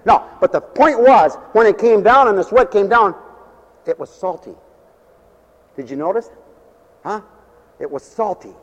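Man, preacher, high voice, folksy humor, fervent, echoey church hall. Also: lively intonation, measured pace, pauses often, muffled recording. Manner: folksy, joking, rising to fervent hallelujahs. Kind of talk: sermon.

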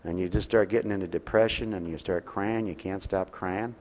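A man preaching a sermon at a mission, folksy and pastoral, asking his listeners questions and swinging from soft asides to loud exhortation. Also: low-pitched, steady tone, brisk. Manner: folksy and pastoral, speaks directly to listeners with call-and-response questions. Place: mission hall with a congregation. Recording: long reverb of a large hall.

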